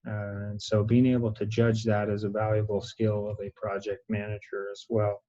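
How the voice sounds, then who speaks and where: A man teaching an online class, speaking hesitantly with many filler pauses. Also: on the low side, completely flat delivery, mellow, lo-fi sound. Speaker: course instructor.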